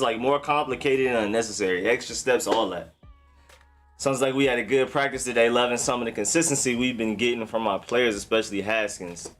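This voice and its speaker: A man's voice: mid-range voice, fairly bright tone. A young man hosting a football live stream, talking in a loose, slangy, chatty way and greeting viewers by name. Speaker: sports live stream host. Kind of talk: casual live-stream talk.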